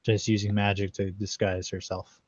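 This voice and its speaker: A man's voice: lowish voice, monotone, moderate pace, slight background noise, voice pushed down, lightly acted. A man voicing a young male servant who patiently corrects his confused master. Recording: dry, slightly muffled recording.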